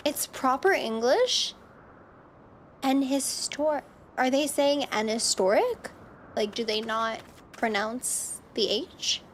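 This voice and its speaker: A woman's voice: on the high side, lively intonation, slow pace, a little hiss or hum. A woman streamer chatting casually as she plays, musing aloud and second-guessing herself. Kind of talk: casual game commentary. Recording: game music playing underneath.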